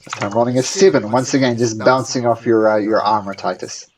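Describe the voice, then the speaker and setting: A game master narrating a tabletop game in a relaxed, hesitant way. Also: medium pitch, a little fast, crowd noise.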